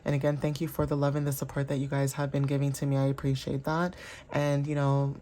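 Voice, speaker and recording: A woman reads tarot for her audience in a casual, rambling way. Her voice sits low and sounds warm and mellow. She fills her talk with "you know" and often checks in with "okay?". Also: monotone, quick pace. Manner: chatty, filler-heavy, checks in with "okay?". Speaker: tarot reader. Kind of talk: casual intuitive tarot reading.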